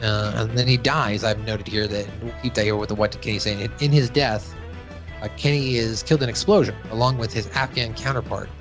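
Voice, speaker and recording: A man's voice: on the low side, steady tone, a little fast, over music. A man hosting a casual podcast, joking around, plugging a sponsor and recapping a cartoon episode. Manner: loose, joking, reads sponsor plugs. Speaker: podcast host.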